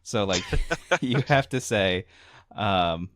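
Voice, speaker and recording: A man with a deep, low voice recounts a story to friends in a loose, meandering way, leaning on filler words and chuckling at himself. The sound is dry and close, with no room around it. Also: animated, slow pace, fairly bright tone, no echo. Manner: rambling storyteller, filler-heavy, laughing asides. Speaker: podcast co-host. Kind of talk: casual chat.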